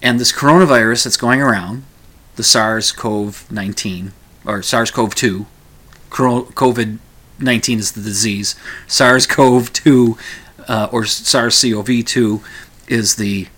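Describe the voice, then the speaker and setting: A man's voice: fairly low pitch, pushed and bright, breathy edge. A man hosting a casual commentary show, rambling through the news with frequent restarts and asides.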